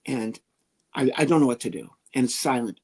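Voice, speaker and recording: A man, a comedian guest on an interview show, telling an animated story and acting out the people in it. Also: medium pitch, brisk, breathy edge. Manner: lively, animated, acts out the people he quotes.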